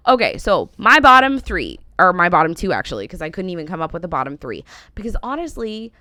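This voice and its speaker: A woman's voice: fairly low pitch, big pitch swings, a little fast, sharp tone, no echo. An American woman in her thirties rambling through a casual, opinionated reaction vlog, full of "like" and "um". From United States. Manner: rambling, heavy use of "like" and "um". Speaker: reaction vlogger.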